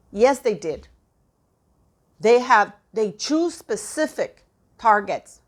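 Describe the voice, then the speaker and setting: A woman's voice: fairly high pitch, lively intonation, a little slow. A woman giving impassioned, indignant commentary to her viewers, often repeating phrases for emphasis. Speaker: commentary vlogger.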